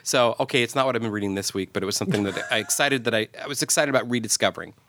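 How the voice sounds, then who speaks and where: A man's voice: mid-range voice, rapid-fire, a bit bright, a little hiss or hum. A man in his forties co-hosting a podcast in casual chat, enthusiastic and playful, sometimes slipping into silly voices. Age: 40s. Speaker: podcast co-host.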